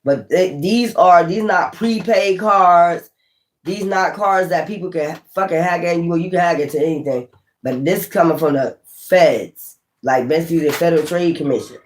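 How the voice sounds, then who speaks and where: A woman's voice: lowish voice, normal speed, rough recording. Woman chatting on a tarot live stream. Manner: rambling, talks straight to viewers. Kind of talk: casual live-stream chat.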